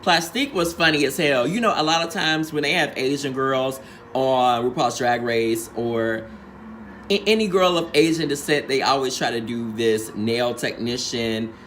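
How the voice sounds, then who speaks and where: A man's voice: medium pitch, moderate pace, fairly bright tone, slight background noise. A man hosting a casual recap, talking with sassy, profane drag slang and acting out quotes in changed voices. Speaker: reality show recap host.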